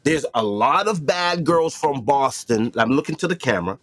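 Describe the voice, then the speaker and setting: A male host talks in a casual podcast chat, hammering his points with repetition and swearing. His pitch swings in a lively, animated way around a middle voice. The sound is dry, with no echo. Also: normal speed. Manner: emphatic, with repetition, profane.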